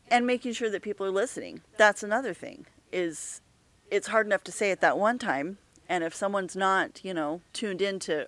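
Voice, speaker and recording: Earnest middle-aged woman, open and halting. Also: lowish voice, a bit bright, dry recording. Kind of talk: candid personal conversation.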